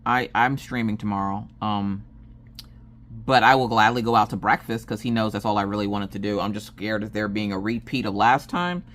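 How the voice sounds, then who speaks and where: A crafting vlogger and streamer chats casually on camera while she works, her rumbling low voice carrying a fairly bright tone at a moderate pace. She rambles through a story, acting out everything everyone said.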